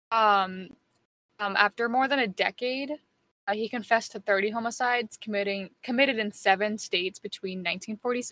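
A young British woman hosting a casual podcast, rambling and giggly with lots of ums, her voice going a bit hoarse. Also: mid-range voice, pushed and bright. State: losing her voice. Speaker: podcast host. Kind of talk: casual chat, reading notes.

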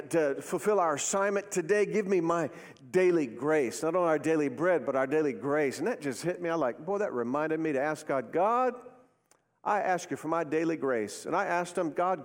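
High-voiced man preaching in a reverberant hall. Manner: call-and-response preaching, rising emphatic phrases. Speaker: pastor. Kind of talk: sermon. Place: church sanctuary.

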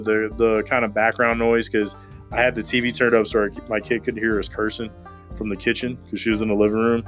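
A man in his thirties hosting a podcast, telling profane, animated stories to friends in his kitchen. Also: medium pitch. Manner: profane, animated storyteller who laughs a lot. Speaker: podcast host. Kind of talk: casual storytelling among friends. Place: home kitchen.

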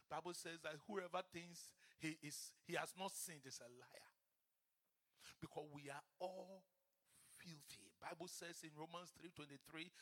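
Male preacher with a really high sharp voice, fervent, goes loud then drops low. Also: moderate pace. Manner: swings between loud fervent proclamation and hushed lowered delivery; repeats phrases for emphasis. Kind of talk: sermon.

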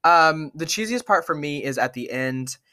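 A man co-hosting a casual movie podcast, enthusiastically retelling scenes with quick asides. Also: fairly high pitch, lively intonation, bright, forceful tone. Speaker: podcast co-host. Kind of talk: casual movie-review chat.

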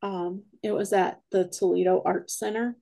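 A woman with a gravelly, creaky edge to her voice, sitting in as a podcast guest. She rambles through her stories, acting out who said what, in a casual, chatty way at a middle pitch. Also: moderate pace. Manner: rambling, animated retelling with quoted dialogue. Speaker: guest, paranormal investigator.

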